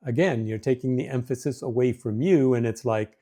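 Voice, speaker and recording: A man's voice: medium pitch, a little fast, hardly any pauses, mellow. A middle-aged man hosting a marriage advice talk, earnest and folksy, poking fun at himself and acting out quotes as he goes. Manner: earnest, folksy, self-deprecating, with restarts and acted-out quotes. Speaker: host of a marriage advice show. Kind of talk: casual talking-to-camera advice.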